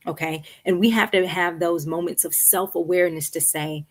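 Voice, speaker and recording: Low-voiced woman counselor, conversational. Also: fairly even intonation, moderate pace, hardly any pauses. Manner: conversational, checks in with "right?" and "okay". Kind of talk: live-streamed Q&A advice. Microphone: streaming setup.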